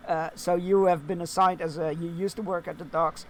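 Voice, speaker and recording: Chatty man with a high voice. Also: fairly even intonation, moderate pace, slight background noise. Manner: chatty, musing, with fillers and chuckles. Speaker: streamer. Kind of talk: casual gameplay commentary.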